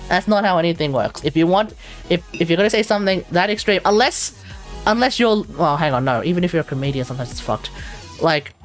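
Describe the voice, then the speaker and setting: A woman live streamer in casual chat, ranting in an animated way and laughing often. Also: on the low side, fast talker, soft background music.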